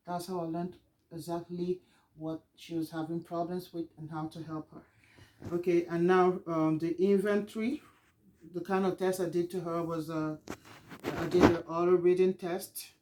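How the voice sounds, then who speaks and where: A teacher presenting a lesson plan in a halting, explanatory way, pausing to gather their thoughts. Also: mid-range voice, darkish tone, poor audio.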